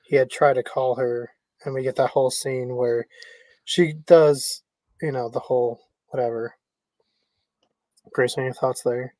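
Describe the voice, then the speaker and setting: A man's voice: medium pitch, fairly even intonation, unhurried, pauses often, a little mellow, dry recording, low-quality recording. A man hosting a casual pop culture discussion, easygoing, who passes questions to the others. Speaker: podcast host.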